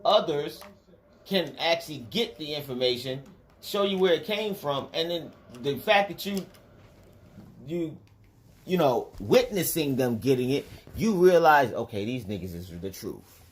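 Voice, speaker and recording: A man's voice: a little high, lively intonation, a little slow, a little hiss or hum. A man hosting a casual livestream who tells rambling, profane stories in a loose, offhand way. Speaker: livestream host and spiritual teacher.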